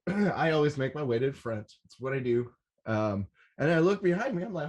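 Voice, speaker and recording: A young man hosting a rave podcast, talking in an excitable, rambling way and swearing often. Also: fairly high pitch, brisk, muffled recording. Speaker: podcast host. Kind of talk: casual solo podcast recap.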